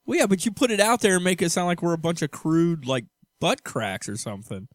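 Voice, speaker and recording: A man's voice: a little high, expressive, a little fast, dry recording, studio quality. A man in his thirties co-hosting a casual podcast with his wife, teasing and arguing in a joking, goofy way. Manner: jokey, teasing, argumentative. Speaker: podcast co-host. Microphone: studio mic.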